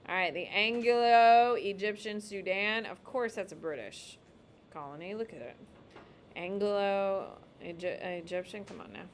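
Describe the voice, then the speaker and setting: A woman's voice: mid-range voice, a little slow, a little hiss or hum. A woman teacher giving a casual, emphatic classroom lecture while drawing on a map.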